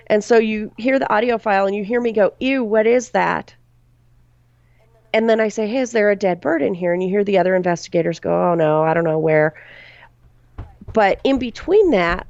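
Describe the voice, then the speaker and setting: A woman's voice: medium pitch, darkish tone, no echo, highs cut off. A woman, a paranormal investigator, telling a creepy story from her own experience as a guest on a podcast.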